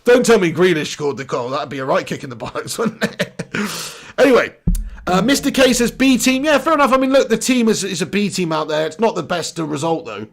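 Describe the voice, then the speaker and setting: A man's voice: high voice, big pitch swings, fairly quick, gravelly, fairly bright tone. A young English man hosting a live football stream, reading viewer comments in a blunt, casual way and swearing freely. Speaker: football channel host.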